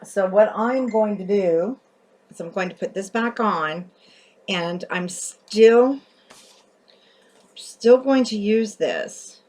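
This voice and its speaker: A woman's voice: medium pitch, slow, long pauses, darkish tone. Chatty woman narrating a craft tutorial. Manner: chatty, thinking aloud while working, often self-correcting.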